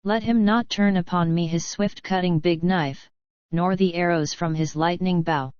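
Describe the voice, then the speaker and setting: A woman's voice: lowish voice, steady tone, normal speed, a little mellow, clean tone, dry recording, muffled recording, natural voice. A woman voicing a cowering, fearful male tribesman who pleads and mumbles sullenly, in a storybook reading. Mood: pleading.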